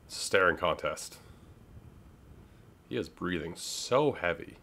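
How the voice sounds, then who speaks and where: A man's voice: deep voice, lively intonation, measured pace, bright, forceful tone, a little hiss or hum. A young man from Canada giving casual, rambling commentary over his own gameplay, chatting and interrupting himself as he goes. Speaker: gaming YouTuber.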